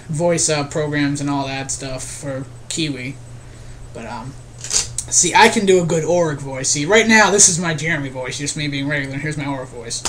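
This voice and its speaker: Rambling young man with a higher voice. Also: a little hiss or hum. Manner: rambling, restarts often, earnest. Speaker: video creator. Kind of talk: casual vlog update.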